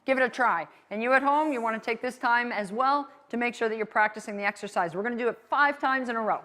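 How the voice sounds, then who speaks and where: A woman's voice: fairly high pitch, fast, pushed and bright. A woman dog trainer teaching a live class, upbeat and often checking in with "okay?".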